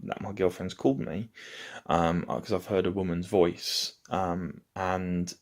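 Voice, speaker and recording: A man's voice: low voice, flat delivery, a little slow. A man casually telling a rambling story to camera from his home. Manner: rambling, loose anecdote-telling. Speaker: vlogger. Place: at home, indoors.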